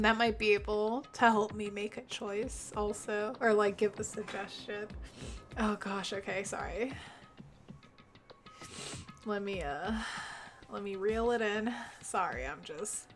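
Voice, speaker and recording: A young woman streaming a game who is tearing up while she chats and apologises for her emotions. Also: mid-range voice. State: teary, fighting back tears. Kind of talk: casual live-stream chat.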